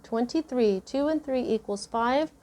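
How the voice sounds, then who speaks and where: A woman's voice: a little high, unhurried, dark tone. A woman giving a casual spoken tarot reading to her viewers in an earnest, rambling, chatty way. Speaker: tarot reader.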